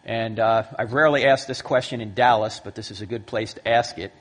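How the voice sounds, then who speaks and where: A man in his fifties giving a lively talk to a live audience in a large hall, acting out the voices in his stories. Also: on the low side, fairly quick. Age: 50s. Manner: lively storyteller who acts out quoted voices. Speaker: Christian apologetics speaker. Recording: long hall reverb.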